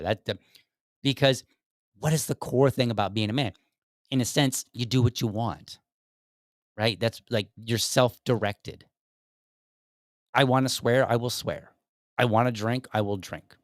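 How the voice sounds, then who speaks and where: A young adult to middle-aged father hosts his own podcast, speaking a little slowly in a mid-range voice with long pauses. His casual commentary rambles with many fillers and restarts, captured in studio quality with no echo.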